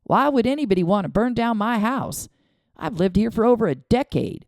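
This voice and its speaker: A woman's voice: fairly high pitch, lively intonation, normal speed, a little mellow, dry recording, studio quality, pitched above the performer's own voice. A woman voicing a husband whose house was set on fire, puzzled and reassuring in an audiobook. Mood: bewildered. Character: steady, bewildered homeowner man, a husband.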